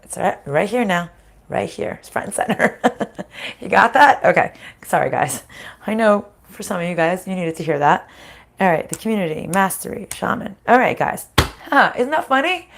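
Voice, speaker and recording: A woman with a scratchy voice doing a casual, chatty live card reading, laughing often and swearing now and then. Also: on the high side. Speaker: card reader.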